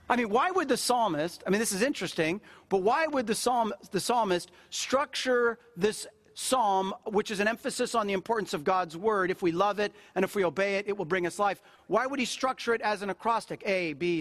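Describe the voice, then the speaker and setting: A man preaching a sermon in a relaxed, conversational manner with a high voice. He is middle-aged and drives his points home by repeating key phrases. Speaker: pastor.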